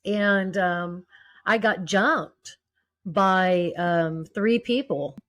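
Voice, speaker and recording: A woman in casual chat, telling a story hesitantly with many pauses and fillers. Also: mid-range voice, a bit bright. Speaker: podcast guest.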